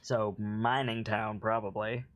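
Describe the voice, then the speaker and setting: A man's voice: fairly low pitch, flat delivery, slow, a little hiss or hum. A man with a Southern accent, chatting as a player in a tabletop game and often restarting his sentences. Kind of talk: casual chat at a tabletop game.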